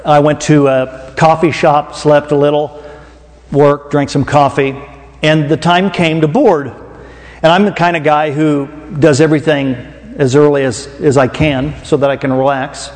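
Middle-aged Oklahoman preacher, slightly high voice, folksy storyteller, long hall reverb. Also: fairly even intonation, measured pace. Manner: folksy, conversational, jokes with the audience. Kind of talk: storytelling sermon.

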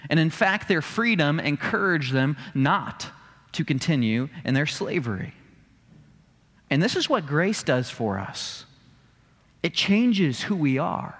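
Male pastor, slightly high, very animated pitch, sermon in a reverberant church. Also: unhurried. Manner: emphatic, rhetorical questions.

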